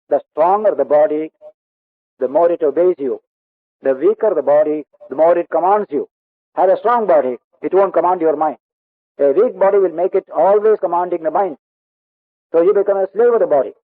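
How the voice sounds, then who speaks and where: Indian-accented monk, earnest lecture on a tinny recording. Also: male voice, on the high side, dry recording. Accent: Indian English. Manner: earnest, emphatic, repeats key words, recites Sanskrit verses. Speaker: monk teacher. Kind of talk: spiritual discourse on scripture.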